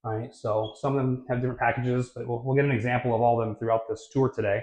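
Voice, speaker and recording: A man's voice: mid-range voice, quick pace. Laid-back guy walking you through a house on his handheld camera, chatty, lots of "like" and "kinda". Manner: chatty and relaxed, filler-heavy, self-correcting. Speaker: real estate vlogger. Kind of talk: casual home tour walkthrough. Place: inside a new house, walking through rooms. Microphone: handheld camera mic.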